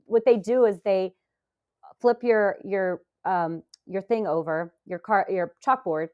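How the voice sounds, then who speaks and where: Speaking slowly in a medium-pitched voice, a woman in her forties tells a podcast interviewer about an emotional experience. She hesitates often and uses many fillers, and the sound quality is lo-fi.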